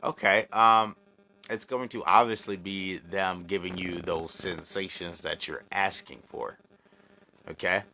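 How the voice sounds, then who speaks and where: A man's voice: low voice, fairly even intonation, measured pace, bright, forceful tone. Joking man with a slight country twang. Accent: slight American country. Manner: loose and joking, swears, laughs often. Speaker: livestream host answering chat. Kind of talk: casual live chat.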